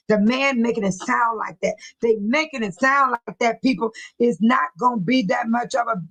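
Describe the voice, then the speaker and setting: A middle-aged woman hosts a casual livestream, chatting animatedly with viewers and reading comments and news aloud, though she stumbles haltingly over the news. Her voice is a little high with a fairly bright tone, and the recording quality is rough.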